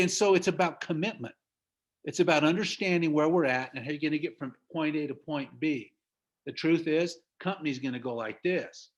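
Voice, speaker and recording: A middle-aged man from the United States giving an emphatic motivational business talk over a video call. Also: a little high. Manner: emphatic, preachy, laughs at own stories. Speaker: business trainer.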